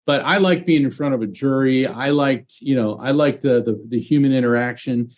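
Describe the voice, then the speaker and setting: A man, a psychic medium and former trial lawyer, telling a personal story in an interview, earnest and animated, with frequent restarts. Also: medium pitch, moderate pace.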